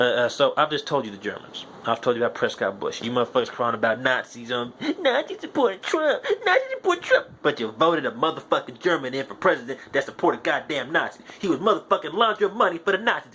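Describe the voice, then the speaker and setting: A man's voice: medium pitch, brisk, pushed and bright, slight background noise. A young man hosting a podcast, delivering a heated, profane monologue that hammers his points home through repetition. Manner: profane, ranting, repeats himself insistently. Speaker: podcast host.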